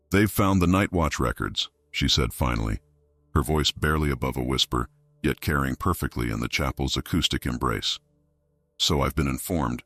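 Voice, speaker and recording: Very deep-voiced male story narrator. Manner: measured, even storytelling. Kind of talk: scripted narration.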